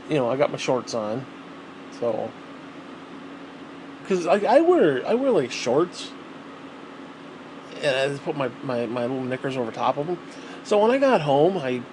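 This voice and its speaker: A man's voice: fairly high pitch, darkish tone, slight background noise, poor audio. A man talking casually to the camera at home, rambling and swearing freely. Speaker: vlogger.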